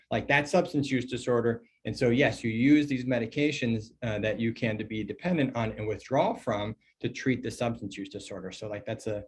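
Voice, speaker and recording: Animated, chatty male doctor lecturing. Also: mid-range voice, slight background noise. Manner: conversational and animated, many fillers, mock dialogues in a put-on voice. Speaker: emergency physician and toxicologist presenting a training. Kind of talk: recorded medical training lecture.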